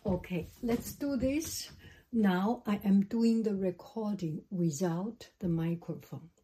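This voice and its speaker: Woman vlogger, unhurried delivery with a dark, mellow voice, casually testing a laptop microphone. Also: medium pitch, husky. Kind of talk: casual demonstration. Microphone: small microphone plugged into a laptop.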